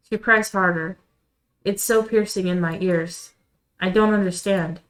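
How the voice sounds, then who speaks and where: A woman streamer reading a visual novel aloud in quiet, measured first-person narration. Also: medium pitch, fairly even intonation, poor audio. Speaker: let's-play streamer.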